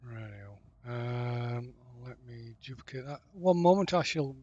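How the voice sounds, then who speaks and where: A man running a tabletop game over an online call, halting and full of fillers while he sorts things out. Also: mid-range voice, animated, darkish tone, dull audio, a little hiss or hum. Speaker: game master.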